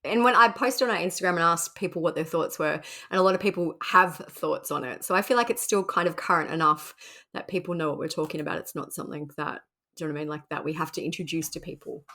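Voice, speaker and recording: A woman's voice: sits low, quick pace, sharp tone. Friendly, giggly woman podcast co-host. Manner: friendly, giggly, thinks aloud. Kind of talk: casual chat.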